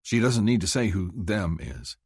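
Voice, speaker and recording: A man narrating a first-person romance audiobook in a husky voice, shifting up to speak the heroine's lines. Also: moderate pace, no echo, studio quality. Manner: husky, lively delivery, lifting high for the heroine's lines.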